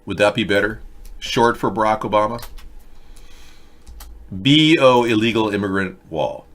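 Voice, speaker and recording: A man's voice: fairly low pitch, measured pace, a bit bright. A man hosting a political talk show, talking in a mocking, sarcastic way and jumping between bits and rants. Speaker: host.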